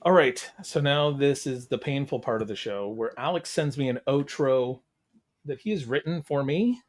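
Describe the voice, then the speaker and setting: A man's voice: mid-range voice, moderate pace. A man hosting a podcast in a loose, joking chat with plenty of fillers. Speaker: podcast host. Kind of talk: casual chat.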